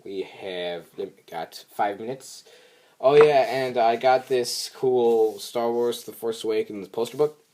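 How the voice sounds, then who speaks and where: In a mellow voice and at a slow pace, a young vlogger rambles through his recap of a cartoon episode. He fills it with filler words and uses squeaky voices to quote characters.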